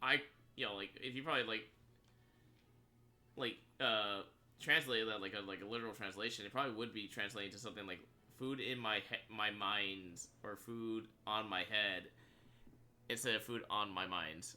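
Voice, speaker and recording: Guy streaming a game, super bright tense voice, rambles with lots of likes, laughs a bunch. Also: lowish voice, normal speed. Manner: rambling, filler-heavy, laughs often. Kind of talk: casual live-stream chat while gaming.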